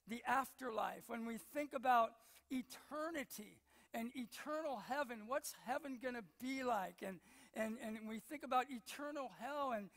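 Older male pastor, high-pitched, anecdotal sermon delivery with repeated words, long church reverb. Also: a bit bright. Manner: storytelling, acts out quotes, repeats words. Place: church sanctuary.

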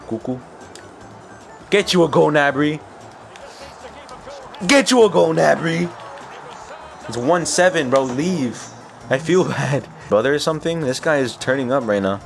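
A young man giving excited live commentary while playing a football video game, cheering his players and laughing often. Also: a little high, unhurried, gravelly, long pauses, soft background music. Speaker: gaming YouTuber.

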